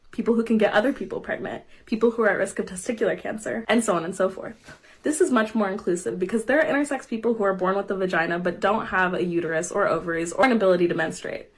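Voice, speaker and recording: A woman's voice: medium pitch, quick pace, breathy edge. A woman earnestly explaining a point in a short video clip.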